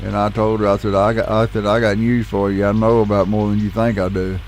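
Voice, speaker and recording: Gravelly man spinning a yarn. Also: fairly low pitch, flat delivery, brisk, darkish tone, soft background music. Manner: rambling, folksy, swears casually. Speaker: gaming channel host. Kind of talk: casual storytelling while playing.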